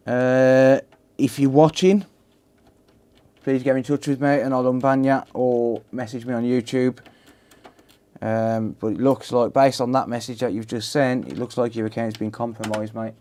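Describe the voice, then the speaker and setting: Black Country man, casual live-stream host, mid-pitched, laughs a lot, chats with viewers. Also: little pitch movement, normal speed, mellow. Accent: Black Country English. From England. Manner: chatty, laughs often, talks to chat by name. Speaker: livestream host. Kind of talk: casual live-stream chat while repairing.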